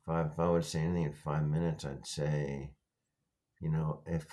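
A man in his fifties, a guest on a call, talking earnestly with halting restarts and repeated words. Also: extremely low pitch, fairly even intonation, mellow. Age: 50s. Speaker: guest survivor. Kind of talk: emotional interview talk. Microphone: video or phone call.

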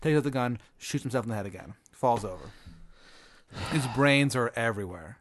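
A man improvising an absurd hypothetical story, rambling and deadpan, acting out side characters in quick asides. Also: mid-range voice. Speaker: podcast host posing a hypothetical.

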